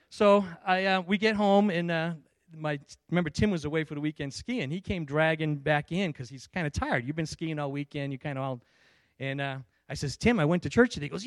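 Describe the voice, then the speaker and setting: A man's voice: fairly high pitch, fast talker, no echo. A man giving a personal church testimony, telling his story with emotion, many restarts and acted-out dialogue.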